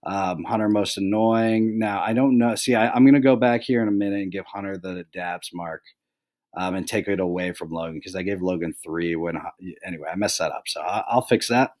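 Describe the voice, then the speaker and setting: A young man with a somewhat low voice hosts a loose, chatty recap. He rambles, filling his talk with "like" and "um." He jokingly hands out mock penalties to his friends. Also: brisk, darkish tone. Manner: rambling, full of "like" and "um". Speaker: host of a fantasy football recap. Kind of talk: casual recap monologue.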